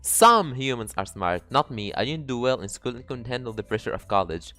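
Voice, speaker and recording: A man playing a dating game, reading its text aloud and breaking into excitable, profane jokes. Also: medium pitch, fairly quick, faint music behind. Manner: excitable, swearing, jokey. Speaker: let's player.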